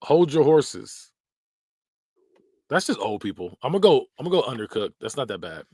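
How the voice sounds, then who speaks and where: Male podcast host, animated and slangy, big swings in pitch, dry close sound. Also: racing, dry recording. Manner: animated, laughs often, repeats phrases in mock voices; slangy, blunt. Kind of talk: casual tier-list commentary.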